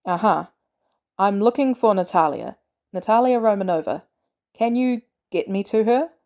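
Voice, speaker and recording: A woman reading a gruff, weary soldier. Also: mid-range voice, expressive, moderate pace, a little mellow, natural voice. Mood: wary. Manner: blunt, clipped, curses often.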